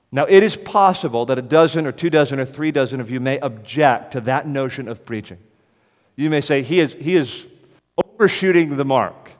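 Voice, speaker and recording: Forceful man preaching in a reverberant hall. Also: on the high side. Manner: forceful, emphatic repetition. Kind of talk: sermon to pastors.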